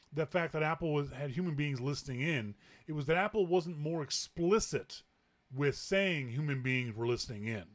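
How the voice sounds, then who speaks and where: Chatty man hosting a tech show. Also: fairly high pitch. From Canada. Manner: chatty, laughs easily, frequent restarts. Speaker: podcast host. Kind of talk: casual tech chat.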